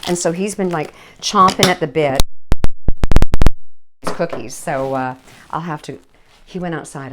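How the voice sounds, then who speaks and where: A woman hosting a live cooking show, chatting in a bubbly, animated way. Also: sits low, normal speed, pauses often, background noise. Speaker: host.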